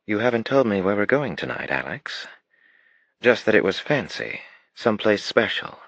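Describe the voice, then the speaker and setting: Man playing a graceful woman on a date in an audiobook: soft, raised, hushed. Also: fairly low pitch, big pitch swings, normal speed, no room sound, dull audio, voice pushed up, exaggerated voice. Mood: delighted. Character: adult woman, graceful and romantic.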